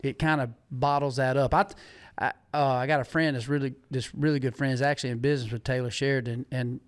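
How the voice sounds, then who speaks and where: A middle-aged man, hosting a podcast and telling stories in an animated, folksy way. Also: mid-range voice, fast. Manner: animated storyteller, folksy, laughs often. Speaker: podcast host. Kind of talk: casual chat.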